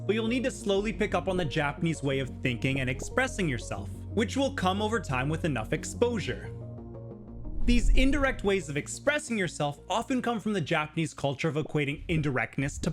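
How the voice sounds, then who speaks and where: Lively high-voiced man explaining clearly. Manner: clear, patient teaching with spoken example words. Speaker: language teacher. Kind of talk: explainer video narration.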